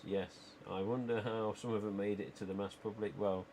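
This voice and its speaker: A man's voice: lowish voice, steady tone, a little fast, a little mellow, slight background noise. A man hosting a livestream, chatting casually and rambling with lots of "you know" asides. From England. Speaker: livestream host.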